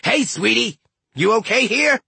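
A man doing a gruff dwarf god. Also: very high-pitched, expressive, a little slow, bright, forceful tone, dry recording, voice pushed up, full character voice. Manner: gruff, growling, mumbling. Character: gruff adult male dwarf god, blunt and teasing.

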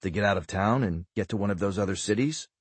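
A man voicing a guarded government agent, low, quiet and measured. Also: husky, dry recording. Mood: guarded calm.

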